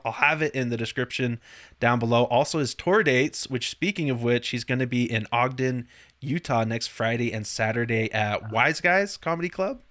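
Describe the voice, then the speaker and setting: A man's voice: mid-range voice, fairly bright tone. Male online host, friendly and laughing easily, interviewing a guest over video call. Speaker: channel host. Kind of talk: casual interview chat.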